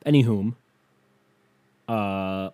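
A man's voice: fairly low pitch, very slow, warm tone, clear, resonant tone. A young man ranting to camera in a casual comedic monologue, swearing freely and acting out the people he quotes. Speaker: comedic vlogger.

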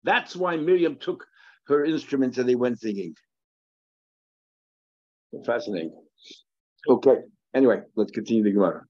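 A man's voice: medium pitch, normal speed, pauses often, darkish tone, dry recording. Man teaching Talmud, dry lo-fi sound. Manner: thinking aloud, repeating phrases, mixing Hebrew and Aramaic terms into English. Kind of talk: daily Talmud class. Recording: dry, dull lo-fi recording.

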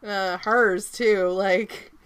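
A woman with a light Southern accent co-hosting a casual podcast, recapping a movie in an animated way and swearing often. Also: mid-range voice, extremely slow, smooth. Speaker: podcast co-host.

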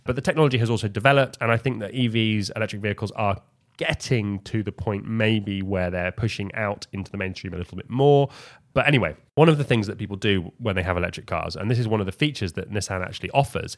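A man from England co-hosting a casual podcast, with a fairly low voice. He talks in a wry, chatty manner, often restarting sentences and filling pauses. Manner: chatty, wry, full of restarts and hedging fillers. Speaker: podcast co-host. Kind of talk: casual chat.

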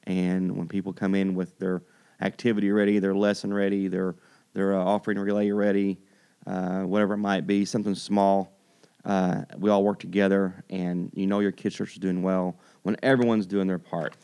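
A man's voice: sits low, level tone, moderate pace, dark tone, clear, resonant tone. A man hosting a kids' church segment in an upbeat, casual way, stretching words for emphasis and repeating himself as he goes.

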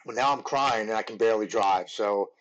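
A man in his forties from Maryland, a podcast guest telling his recovery story in an earnest, halting way, often restarting his words. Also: on the low side, a bit bright. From Maryland, USA.

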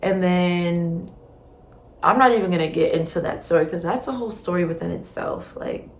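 A young woman hosting a podcast, telling a personal story in a candid, expressive, conversational way with frequent fillers. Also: lowish voice, normal speed, vocal fry. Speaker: podcast host. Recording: roomy echo with faint background hum. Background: faint ambient noise, passing truck.

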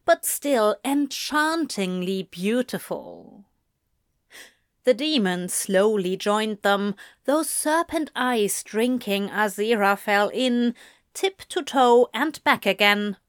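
A woman reading a story aloud in a measured, expressive narration. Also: a little high, no room sound, clean studio sound. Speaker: reader. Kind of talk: audiobook narration of fan fiction.

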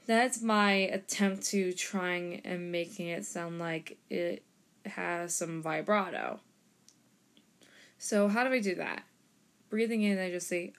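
A young woman hosting a casual harmonica lesson, explaining step by step and pausing to demonstrate. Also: lowish voice. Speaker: harmonica teacher and podcast host. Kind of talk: casual instructional talk.

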